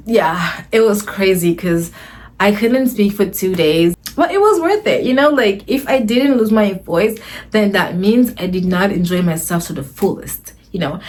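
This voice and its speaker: A woman vlogger telling a casual storytime to the camera, gushing and rambling, often restarting her phrases. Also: medium pitch.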